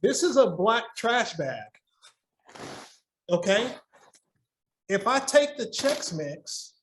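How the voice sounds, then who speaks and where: A middle-aged man with a fairly high voice talks earnestly as a podcast guest, sharing advice on marriage in a loose, conversational way. He stumbles, repeats and restarts his words as he works through a story. The sound carries a noticeable roomy echo. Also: slight background noise.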